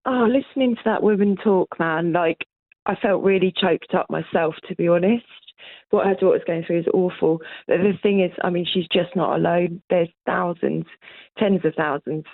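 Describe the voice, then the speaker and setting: A woman's voice: lowish voice, fairly even intonation, normal speed, creaky, no room sound. Woman campaigner on a tinny phone line. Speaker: campaigner, protest organiser. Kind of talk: phone interview on radio.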